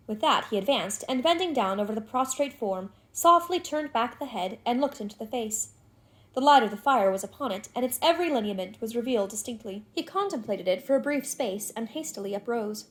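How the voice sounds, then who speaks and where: A woman narrating a classic novel in a measured, expressive reading. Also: a little high. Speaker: audiobook narrator.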